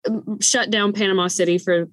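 A woman co-hosting a podcast, telling a story in a casual, animated way and laughing often. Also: medium pitch, moderate pace, no echo. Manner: animated, laughing storyteller who acts out quoted voices. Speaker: podcast co-host.

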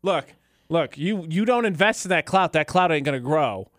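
A man co-hosting a casual chat show, riffing on the news with jokes and lively banter. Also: a little high, moderate pace, slight background noise. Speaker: co-host.

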